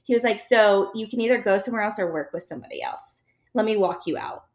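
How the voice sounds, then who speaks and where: A woman telling a story in casual chat, animated and acting out the dialogue, with laughter between lines. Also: mid-range voice, fast.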